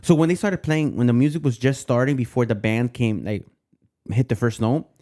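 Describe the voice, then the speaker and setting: A young man, co-hosting a podcast in casual chat, animated and quick to swear. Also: mid-range voice. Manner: animated, swears freely, sings snippets in Spanish. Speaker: podcast co-host.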